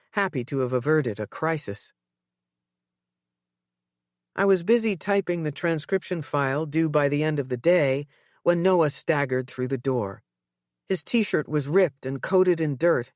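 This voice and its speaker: A woman narrating a psychological thriller audiobook in the first person, with tense, measured storytelling. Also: sits low, dry recording, clean studio sound.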